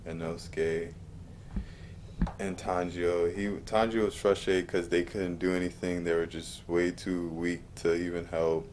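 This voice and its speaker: A man casually reviewing a movie, retelling scenes with animated high-pitched outbursts. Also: slight background noise.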